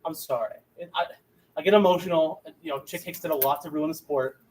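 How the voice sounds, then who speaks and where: A man's voice: on the high side, brisk, darkish tone, poor audio. A man giving a mock-serious debate speech with impassioned, theatrical outrage.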